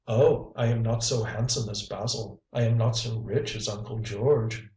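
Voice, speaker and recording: A man's voice: on the low side, fairly even intonation, moderate pace, darkish tone, lightly acted. A man reading the part of a jealous, flabby young schemer who sneers and whines, recorded from a distance in a roomy space. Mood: whining rage. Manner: sneering, whining.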